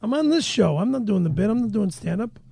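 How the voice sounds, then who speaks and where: Give me a high-voiced, gravelly man stumbling through podcast banter. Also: big pitch swings, mellow, no echo. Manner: halting, stumbling restarts. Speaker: podcast co-host.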